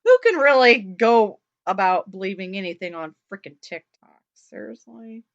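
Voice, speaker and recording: A woman co-hosting a casual chat show, animated and quick to exclaim and laugh loudly. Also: mid-range voice, dry recording. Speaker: podcast co-host. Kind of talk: casual chat, reading a news item aloud. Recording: dull lo-fi podcast audio.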